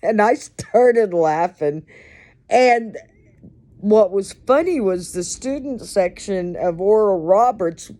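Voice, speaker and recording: A woman's voice: mid-range voice, expressive, slow pace, mellow. A middle-aged woman telling stories in a casual monologue, laughing often and swearing freely. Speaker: host.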